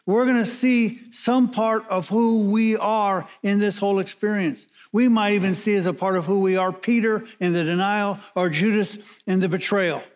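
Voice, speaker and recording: A man preaching a sermon as pastor, measured and emphatic, slowing down and pausing to stress key words. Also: high-pitched, steady tone.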